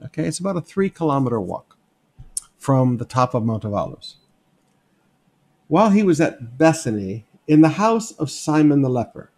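A very animated pastor with a mid-range, darkish voice teaches a Bible passage verse by verse at a normal pace. His sermon style is emphatic and conversational, with frequent stops to direct attention using "notice" and "okay?" while he draws on a board.

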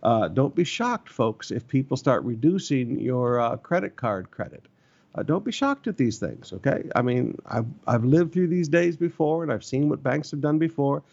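A middle-aged man preaches to his church with earnest urgency, circling back to his key phrases. His voice carries a gravelly rasp at mid pitch. The recording sounds a little muffled and lo-fi. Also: animated, normal speed, a little mellow. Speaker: pastor. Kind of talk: sermon.

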